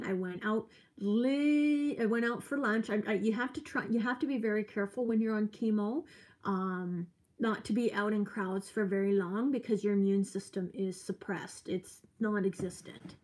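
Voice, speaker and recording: A woman's voice: mid-range voice, steady tone, moderate pace, a little mellow. A woman in her forties chatting earnestly on a live stream, a little tired, reading out viewer comments as she talks. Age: 40s. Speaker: vlogger. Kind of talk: casual live-stream chat.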